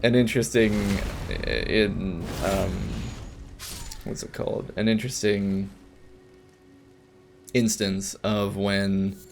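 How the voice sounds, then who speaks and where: A man talks his way through a video game, wandering into chatty asides and restarting his sentences. His voice sits low with a gravelly rasp. A faint hiss runs under the recording. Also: fairly even intonation, takes it slowly, long pauses. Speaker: let's play gamer. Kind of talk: casual gameplay commentary.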